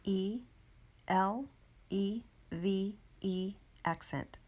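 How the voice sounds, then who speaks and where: Calm woman spelling ballet terms. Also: medium pitch, drawn-out words, noisy background. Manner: spells words letter by letter, calm.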